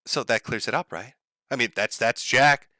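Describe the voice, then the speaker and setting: A man's voice: mid-range voice, normal speed, sharp tone, no room sound, studio quality. A man giving mocking, profane online commentary, sarcastic and laughing at his own jokes.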